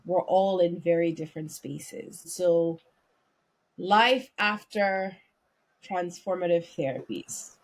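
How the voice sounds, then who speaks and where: A woman co-hosting a podcast who talks in an effusive, affectionate, animated way and leads the conversation. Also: fairly low pitch, slow. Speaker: podcast co-host.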